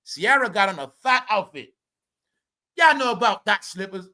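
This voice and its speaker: A man's voice: high-pitched, very animated, moderate pace. A man hosting a casual celebrity gossip rant, swearing, laughing often and talking straight to his viewers. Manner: loud, laughing, swearing, addresses viewers as y'all. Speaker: commentary host.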